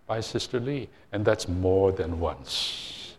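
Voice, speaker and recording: Older man, church minister, informal sermon talk, fairly low voice, anecdotal, lots of fillers and restarts. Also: animated, slow, few pauses. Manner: anecdotal, self-deprecating, frequent fillers and restarts.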